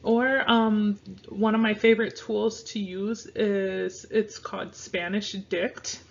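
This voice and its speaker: A woman teaches a casual online language lesson at an unhurried pace, repeating each word several times so learners can practice. Her voice has a gravelly, creaky edge. The recording sounds dull and lo-fi. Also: medium pitch, little pitch movement. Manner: slow, repeats words for pronunciation practice. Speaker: Spanish teacher.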